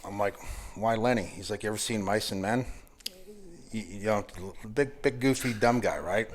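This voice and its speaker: An American man in his forties with a fairly low voice tells profane stories in casual chat. He talks with animation and laughs through his own punchlines. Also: moderate pace. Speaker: guest firearms instructor.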